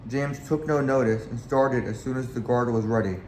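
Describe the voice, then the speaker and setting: A man reads a children's railway storybook aloud plainly, making small slips along the way. His mid-range voice is steady, a little mellow, and moderately paced, recorded in an echoey room with faint background sound and a little hiss or hum.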